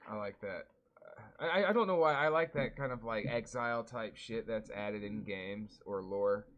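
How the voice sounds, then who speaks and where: A man's voice: fairly low pitch, normal speed, a bit bright, muffled recording. A man co-hosting a podcast, rambling and swearing freely in casual chat. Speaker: podcast co-host.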